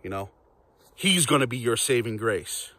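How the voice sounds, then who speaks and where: A man's voice: medium pitch, lively intonation, moderate pace, bright, forceful tone. A man ranting casually to camera in a vlog, profane, rambling and repetitive. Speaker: vlogger.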